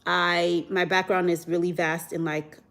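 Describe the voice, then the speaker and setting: A woman's voice: fairly low pitch, unhurried, creaky. Chatty woman hosting a casual livestream. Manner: chatty, reads out viewer comments, animated reactions. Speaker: livestream host. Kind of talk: casual livestream chat, reading comments aloud.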